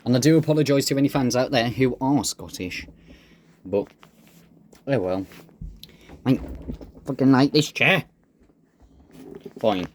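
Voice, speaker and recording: A man's voice: mid-range voice, expressive, normal speed, long pauses, dark tone, a little hiss or hum. A man giving casual, joking gameplay commentary, laid-back and swearing freely. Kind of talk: casual let's-play commentary.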